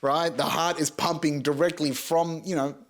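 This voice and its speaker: A man's voice: on the high side, normal speed. An Australian man in his thirties hosting a podcast, telling a comic story with lots of swearing and laughter. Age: 30s. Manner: profane, animated, laughs through his story. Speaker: podcast host.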